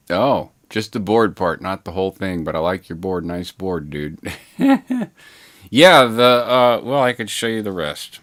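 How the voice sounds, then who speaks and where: He's a livestream host chatting loosely with his audience from a home studio, reading their messages out and swearing from time to time. His voice sits low with a fairly bright tone.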